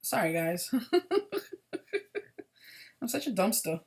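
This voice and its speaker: A woman's voice: fairly low pitch, expressive, moderate pace. A woman hosting a crochet video podcast, chatting casually and apologetically about her projects, sounding tired.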